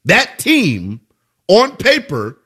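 Animated, bright-voiced sports radio host man. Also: high-pitched, drawn-out words, slightly rough. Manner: animated, emphatic, conversational with rhetorical questions. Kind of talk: sports talk radio monologue.

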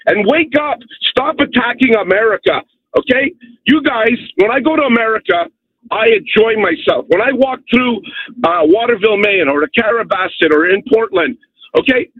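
High gravelly man ranting down a phone line. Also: no echo. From Canada. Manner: emphatic, keeps repeating "okay?". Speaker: caller. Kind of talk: phone-in rant.

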